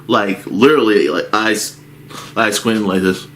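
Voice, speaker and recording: A man's voice: fairly low pitch, moderate pace, fairly bright tone, a little hiss or hum. A man telling a rambling story from his movie theater job as a casual rant, with frequent restarts.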